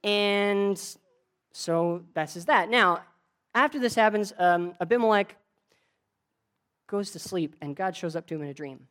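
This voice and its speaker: A woman preaching a sermon in a relaxed, conversational way, retelling a story with frequent restarts. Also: medium pitch, measured pace, pauses often. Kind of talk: casual sermon.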